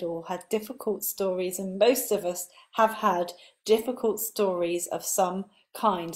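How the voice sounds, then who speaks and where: With a medium pitch, a woman spiritual coach gives a live motivational talk in an earnest manner. Key words come out soft and breathy as her voice sinks, and she builds her case through repeated lists.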